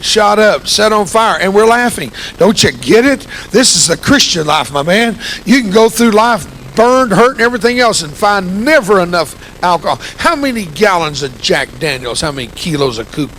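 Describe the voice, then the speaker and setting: A man in his sixties with a gravelly, grumpy-sounding voice, giving an impassioned, folksy testimony sermon with humor as a church guest speaker. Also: sits high, fairly bright tone, a little hiss or hum, poor audio. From United States. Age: 60s. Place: church sanctuary.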